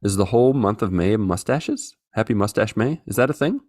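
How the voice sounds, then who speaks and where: Joking man, lowish dry voice. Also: expressive, brisk, a little mellow, no room sound. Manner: joking, reads out listener messages. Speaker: podcast co-host. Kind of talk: casual chat.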